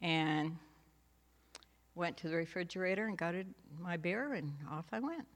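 A woman's voice: lowish voice, lively intonation, normal speed. A woman sharing a personal faith testimony at church in a homey storytelling way, laughing now and then and adding asides. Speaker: church speaker giving a testimony. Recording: long hall reverb.

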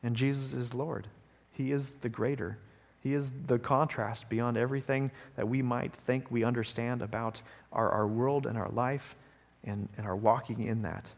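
A man's voice: mid-range voice, fairly even intonation, moderate pace, creaky, few pauses, in a large hall. A man pastor preaching a sermon in a conversational way, often checking in with the congregation. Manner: conversational preaching, frequent "right?" asides.

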